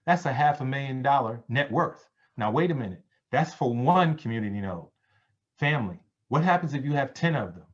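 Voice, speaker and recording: A man giving a sales pitch on a conference call, preachy, calling his listeners family. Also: expressive, fairly quick. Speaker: presenter on a business call. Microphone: conference call line. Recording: dull lo-fi call audio.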